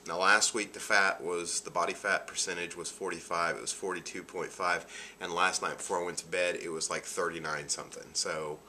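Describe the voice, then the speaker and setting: A man's voice: deep voice, flat delivery, a little fast, sharp tone, a little hiss or hum. A man talking casually in a video diary, a bit nasal from allergies, chatty and upbeat. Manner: chatty, upbeat, laughs often. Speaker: vlogger.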